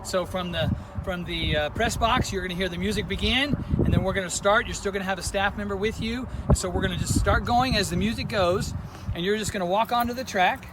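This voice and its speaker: In a noisy phone recording made outdoors at a school sports field, a school administrator walks while chatting through step-by-step instructions for a walkthrough video. His high-sitting voice moves a little fast, slightly out of breath and dotted with fillers.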